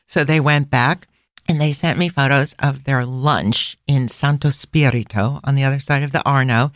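Podcast co-host: chatty middle-aged woman, mid pitch, close dry sound. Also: moderate pace, no echo. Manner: chatty, laughs often. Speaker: podcast co-host and travel planner. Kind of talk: casual travel podcast chat.

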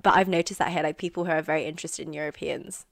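A woman's voice: low-pitched, steady tone, very fast, creaky, no echo, clean studio sound. A woman from London with a received pronunciation English accent, chatting casually with many fillers. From Northwest London, England. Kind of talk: casual chat.

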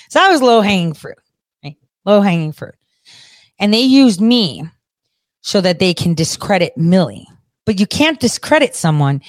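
A woman's voice: on the low side, no echo. A woman giving casual, rambling political commentary in a blunt, indignant and profane way.

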